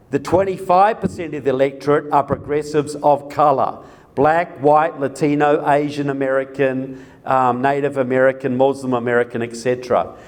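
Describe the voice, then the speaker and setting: A man's voice: mid-range voice, darkish tone. A man giving a live presentation to an audience, speaking emphatically, repeating key words for effect and putting questions to the crowd. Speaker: political speaker.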